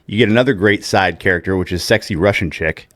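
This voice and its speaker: Low-voiced man retelling movie scenes. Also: fast, no room sound, studio quality. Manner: animated retelling, acting out scenes with laughs. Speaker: podcast co-host. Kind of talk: casual film chat.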